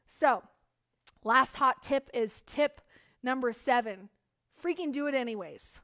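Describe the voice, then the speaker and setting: Upbeat lady coach talking sales, highish voice, acts out little bits, says like a lot. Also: a little slow. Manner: energetic, acts out hyped voices, many "like" fillers. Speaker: business coach. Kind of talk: motivational teaching talk.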